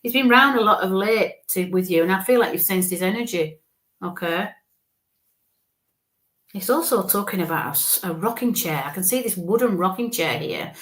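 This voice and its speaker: A woman giving a live psychic reading in a gentle, reassuring way, often checking in with "okay?". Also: medium pitch, animated, moderate pace. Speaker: psychic medium.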